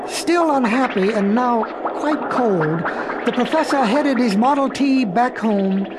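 A woman narrating a storybook in an expressive, playful way with dramatic pauses. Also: fairly high pitch, noisy background. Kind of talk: storybook reading.

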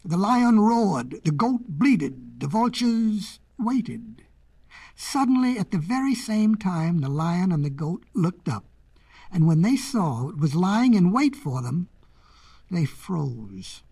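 A woman narrating storybook fables in a playful, expressive way. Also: fairly low pitch, slow, gravelly, slightly rough.

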